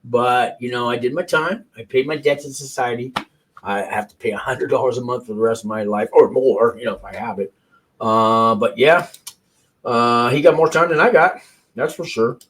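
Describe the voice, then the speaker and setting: A man talks casually and candidly in a slightly husky voice, rambling, restarting his sentences and swearing freely. His pitch sits in a middle range for a man, and the delivery is loose and conversational. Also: moderate pace, fairly bright tone, low-quality recording. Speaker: host reacting to news clips. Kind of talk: casual chat.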